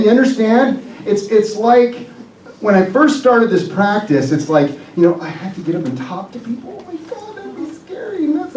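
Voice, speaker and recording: Chiropractor pumping up a live crowd; fairly high voice, echoey room, mic at a distance. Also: male voice, a little hiss or hum. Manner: energetic, joking, rallying the audience with questions. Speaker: chiropractor giving a seminar. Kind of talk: motivational health seminar talk.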